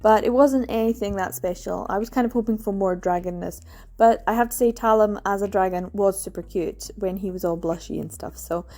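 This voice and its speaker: Scottish woman, book vlogger, warm mellow tone, enthusiastic casual chat. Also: medium pitch, a little fast. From Scotland. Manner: chatty and enthusiastic, laughs often.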